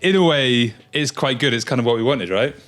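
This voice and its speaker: A man's voice: mid-range voice, a little fast, loud music behind the voice. A man co-hosting a climbing news show, easygoing and self-deprecating, often restarting his sentences. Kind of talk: casual chat.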